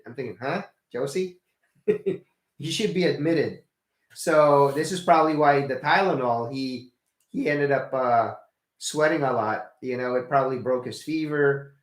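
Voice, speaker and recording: Rambling older man in an echoey room. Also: on the high side. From Philippines. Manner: rambling, many fillers and restarts; blunt, swears casually. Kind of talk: casual video update.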